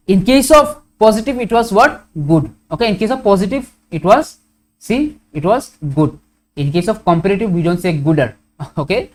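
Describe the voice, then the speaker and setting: Teaching grammar in an Indian English accent, this man speaks in a high voice and takes things slowly. He repeats examples again and again, frequently asking questions and then supplying the answers himself.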